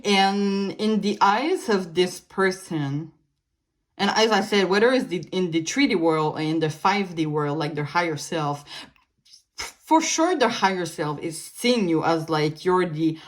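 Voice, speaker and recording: A woman's voice: lowish voice, expressive, measured pace. Woman reading tarot cards. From Canada. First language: French. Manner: meandering, many fillers and restarts, light laughs. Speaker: tarot reader. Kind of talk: casual pick-a-card tarot reading.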